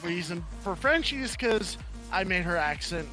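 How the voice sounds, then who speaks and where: A man's voice: high voice, lively intonation, normal speed, music in the background. A man from Louisiana with a mixed Louisiana and Texas accent, telling rambling stories as a guest in a casual live-stream interview. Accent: Louisiana and Texas Southern US. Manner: storytelling, rambling with fillers. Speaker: guest, roleplay gang member.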